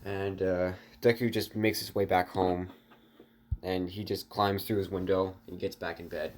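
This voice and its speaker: This man has a low, level voice and speaks a little slowly, with a slight hiss or hum in the recording. An online storyteller, he casually narrates an improvised story, rambling with fillers and restarts as he addresses his viewers.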